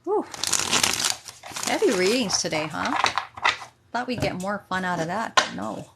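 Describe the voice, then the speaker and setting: A woman's voice: mid-range voice, sing-song, measured pace, heavy background noise. A woman chatting casually on a livestream as a tarot reader, giggly and self-deprecating.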